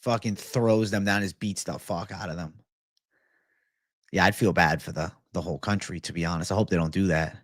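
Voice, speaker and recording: A man's voice: deep voice, steady tone, fairly quick, no echo, studio quality. A young man hosting a casual livestream, joking loosely, swearing a lot and talking to his chat. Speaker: livestream host reading chat.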